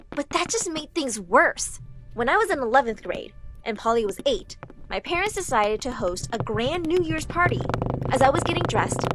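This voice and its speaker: Casting: young woman, expressive storytime narrator, high lively voice, faint music underneath. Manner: dramatic, expressive. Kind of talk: first-person storytime narration.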